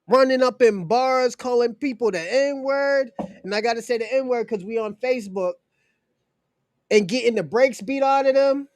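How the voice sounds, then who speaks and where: A man's voice: very high voice, normal speed, darkish tone, no echo. A man in his forties giving casual political commentary, emphatic and indignant, often repeating his phrases. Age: 40s. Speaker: commentary host.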